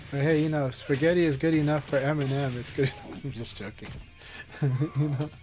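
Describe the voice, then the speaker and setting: A man's voice: on the high side, steady tone, fairly quick, over music. A man live-streaming a fighting game, chatting casually and encouragingly with viewers.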